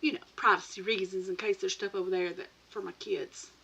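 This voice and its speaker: A woman's voice: medium pitch, steady tone, a little fast, vocal fry, bright, forceful tone, breathy edge. A woman hosting a casual late-night live chat from her home craft room, chatty and rambling, laughing often and greeting viewers by name. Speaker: crafting channel host. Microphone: computer or tablet mic.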